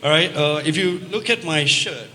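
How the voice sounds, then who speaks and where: A man's voice: on the high side, moderate pace, sharp tone. Emphatic Singaporean man on a panel. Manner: emphatic, rallying. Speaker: panel speaker. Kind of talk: panel discussion answer. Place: large event hall. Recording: long reverb in a hall, faint noise.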